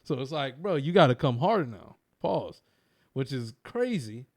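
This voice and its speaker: A man's voice: medium pitch, sing-song, normal speed. A man co-hosting a casual podcast, ranting emphatically and repeating slang for emphasis. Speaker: co-host.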